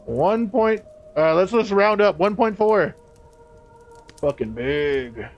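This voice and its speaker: A man's voice: sits high, expressive, slow pace, dull audio, faint music behind. A man streaming a game live, chatting casually, swearing and laughing as he banters with his chat. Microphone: streaming microphone.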